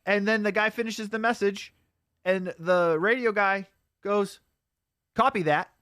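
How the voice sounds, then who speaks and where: Higher-voiced man riffing with laughs. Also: measured pace, smooth, no room sound, clean studio sound. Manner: laughs often, lots of "uh" fillers, animated retelling. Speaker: podcast co-host. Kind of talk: casual movie-riffing chat.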